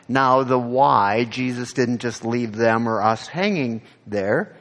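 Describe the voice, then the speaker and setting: A male pastor preaching an animated sermon. He asks the congregation direct questions and rises to emphatic peaks when he quotes scripture. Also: medium pitch, slow, few pauses, long reverb tail.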